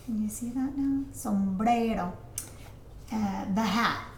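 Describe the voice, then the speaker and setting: A woman teaching a recorded lesson, chatty and full of asides, slowing down to pronounce each vocabulary word. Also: a little high, echoey room, slight background noise. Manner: chatty, explains with asides and fillers; slows down to pronounce vocabulary words. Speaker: Spanish teacher.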